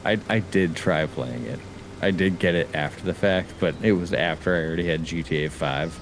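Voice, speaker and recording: A man's voice: deep voice, normal speed, background noise. A man in his thirties chatting casually while gaming, with dry, easygoing banter.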